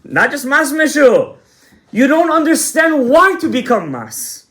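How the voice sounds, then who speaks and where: Man rabbi giving a lively Torah class. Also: extremely high pitch, unhurried. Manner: asks the audience questions and answers them himself; retells scenes with quoted dialogue, sprinkled with Hebrew terms.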